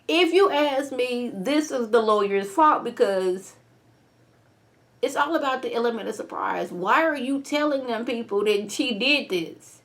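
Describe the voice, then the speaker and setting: A young woman chats through a TV episode recap with loose, slangy phrasing. Her voice moves animatedly through high and low. She throws in opinions as she goes. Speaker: TV show reviewer. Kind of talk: casual review vlog.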